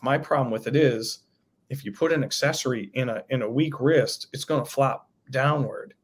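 A man's voice: medium pitch, a little fast, breathy edge. A man talking casually about his own toy project as a guest, thinking aloud with loose restarts. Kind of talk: casual interview chat.

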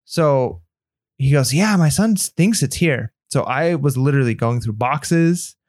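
A man's voice: mid-range voice, a little slow, no echo, studio quality. A man on a podcast telling a story in casual chat, acting out the lines of the people in it. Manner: animated anecdote telling, acts out quoted dialogue. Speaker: podcast co-host.

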